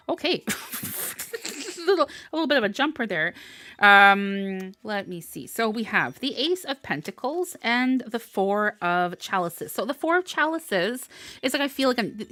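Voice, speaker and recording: Woman, tarot reader on a live stream, bright clear voice, encouraging and animated, dry close sound. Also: mid-range voice, no echo. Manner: warm, encouraging, animated, frequent laughs.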